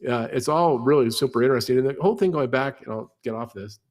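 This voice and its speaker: With a mid-range voice, a middle-aged man discusses the real estate industry on a podcast, speaking quickly and with animation and peppering his talk with "you know."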